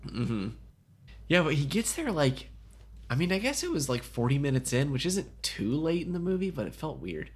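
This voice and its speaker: A man's voice: on the high side, very animated, moderate pace, husky. A man co-hosting a casual movie podcast, jokey and rambling, laughing often. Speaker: podcast co-host.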